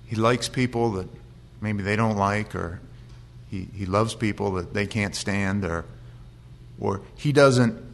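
A man's voice: fairly low pitch, gravelly. A middle-aged man giving an informal Bible teaching, reading verses aloud and then explaining them in plain everyday words. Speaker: pastor.

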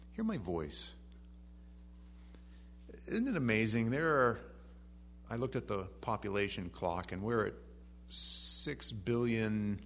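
A man preaching a sermon. He reads scripture softly and then rises to animated emphasis. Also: sits low, vocal fry, slight background noise.

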